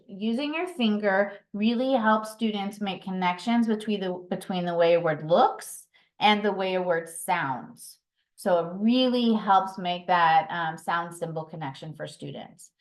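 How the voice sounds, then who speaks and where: A woman walks trainees through reading routines at a steady, mid-pitched level. She explains patiently, correcting herself now and then with an um. Her voice carries a roomy echo from a home room. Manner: explanatory, patient, with frequent ums and self-corrections. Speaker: mentor trainer. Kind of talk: instructional training talk.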